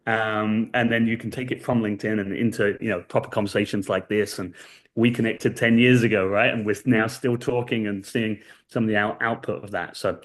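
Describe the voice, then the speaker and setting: A man guest on a podcast interview, earnestly telling a story and tagging points with quick checks for agreement. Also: lowish voice, steady tone. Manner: earnest storytelling, many fillers and "right?" tags. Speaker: guest expert. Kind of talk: casual interview chat.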